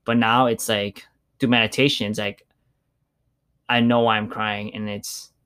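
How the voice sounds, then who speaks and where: A man's voice: fairly low pitch, level tone, measured pace, a bit bright, clear, resonant tone. A man talking casually and reflectively, loose with filler words and the odd swear. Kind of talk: casual chat.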